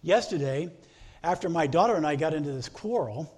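Earnest husky-voiced male pastor preaching. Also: on the high side, expressive, a little fast, a little mellow. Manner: earnest, repeats phrases in preaching lists. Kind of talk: sermon.

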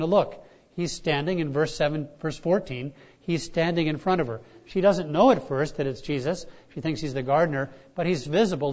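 A man preaching a sermon, swinging between loud emphatic lines and soft hushed ones, with frequent restarts. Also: on the high side, muffled recording. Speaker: pastor.

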